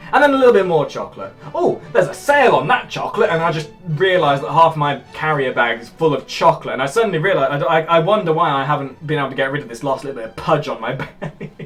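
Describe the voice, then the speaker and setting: A lively young English man who talks with a posh, upper-class sounding English accent, answering his viewers' comments in a jokey casual vlog. His voice sits fairly high for a man and swings widely in pitch, sometimes bursting into loud shouts. Faint music plays behind him. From England. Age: young adult.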